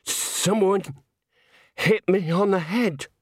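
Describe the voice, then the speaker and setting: A man voicing a stunned male opera tenor who mumbles in a groggy, halting way. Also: sits high, husky, no echo, studio quality, pitched above the performer's own voice, heavily acted. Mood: dazed. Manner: dazed, mumbling.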